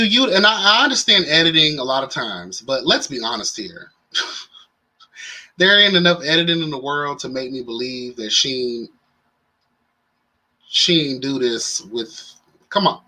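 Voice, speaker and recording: A man hosts a casual livestream, his voice bright and forceful and sitting a little high. He talks to his viewers in a sassy, playful way and sounds tired. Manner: sassy and playful, calls viewers "child" and "honey". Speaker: livestream host.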